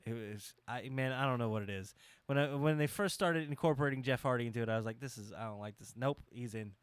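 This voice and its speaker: A man co-hosting a casual podcast chat, animated and profane as he riffs. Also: mid-range voice, fast talker, clear, resonant tone, no echo. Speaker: podcast co-host.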